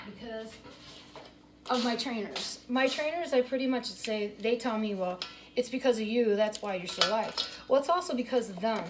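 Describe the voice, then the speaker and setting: A woman rambling casually about her gym workouts while she cooks in her home kitchen, with lots of fillers and restarts. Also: fairly high pitch. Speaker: home cooking vlogger. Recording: kitchen noise with clattering dishes.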